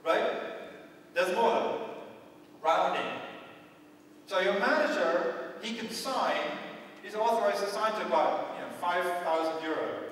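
A man's voice: sits high, a little slow, long pauses, fairly bright tone, slight background noise. A man with a Dutch accent giving a conference talk in a lecture hall. He speaks in a conversational, wry way and keeps checking in with the audience. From Netherlands. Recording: echoey hall, voice from far off.

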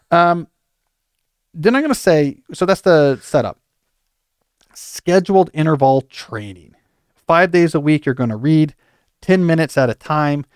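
A man hosting a podcast, giving animated advice with playful joking asides. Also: on the high side, clear, resonant tone, dry recording, studio quality. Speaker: podcast host.

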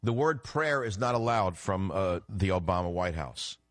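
Older man, talk radio host, low voice, emphatic, indignant, dry close sound. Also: animated, moderate pace, fairly bright tone, no room sound. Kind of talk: political talk radio commentary.

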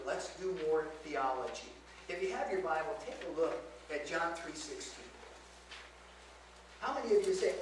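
A man preaching a teaching sermon to a congregation, asking them rhetorical questions as he explains scripture. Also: high-pitched. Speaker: pastor teaching a Bible lesson. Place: church sanctuary. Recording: very echoey church, mic far off, faint hiss.

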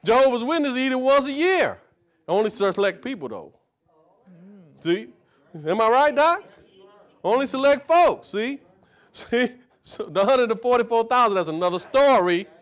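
At a moderate pace, a man with a very high-pitched, expressive, fairly bright voice preaches live to a small group. Folksy and scripture-focused, he guides a reader through verses echoing each phrase, checks in with "see?" and "right?", and repeats key words in rhythmic runs.

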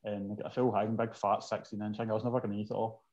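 A man's voice: on the low side, little pitch movement, rapid-fire, darkish tone, dull audio. A man with an Ayrshire Scottish accent, a podcast guest who tells joking anecdotes. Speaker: podcast guest, former Muay Thai champion. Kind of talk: casual chat.

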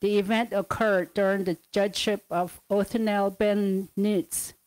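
A woman reading scripture passages and dates aloud over a video call, measured and careful. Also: medium pitch, darkish tone, no echo, poor audio. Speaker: scripture reader.

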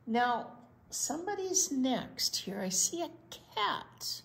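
A woman librarian reading a picture book aloud at a children's storytime, pausing to ask the children questions. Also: high-pitched, sing-song, creaky, echoey room.

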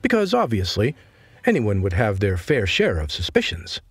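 A man voicing a calm, sly teenage boy trader with an easygoing, smooth-talking manner. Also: lowish voice, normal speed, no room sound, pitched below the performer's own voice, full character voice. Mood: easy, sly.

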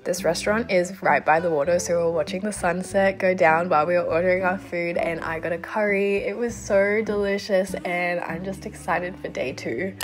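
A woman with a nasal voice from a cold, chatting upbeat and excited as a travel vlogger. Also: mid-range voice. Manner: bubbly, upbeat, lots of "like" and "so excited". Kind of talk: casual travel vlog chat.

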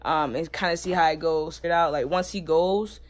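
In a casual home family vlog, a father talks gently to his baby, loose and relaxed, with plenty of filler words. His voice is fairly high-pitched and his pace moderate.

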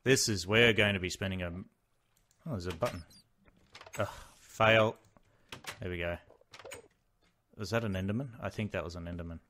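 A young man giving casual gameplay commentary, excitable, exclaiming and muttering to himself as he plays. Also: deep voice, normal speed, long pauses, slight background noise. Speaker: Let's Play host.

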